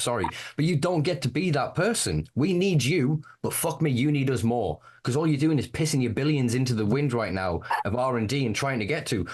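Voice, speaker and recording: A man's voice: medium pitch, animated, brisk, few pauses, darkish tone, breathy edge. A man with a Northern English accent, talking in a casual podcast chat with passionate, profane ranting. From Northern England. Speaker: podcast correspondent.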